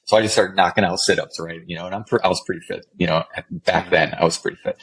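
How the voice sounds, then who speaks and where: A middle-aged man telling stories as a podcast guest, animated and profane, acting out the dialogue. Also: low-pitched, quick pace, a little hiss or hum, poor audio. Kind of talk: casual storytelling in conversation.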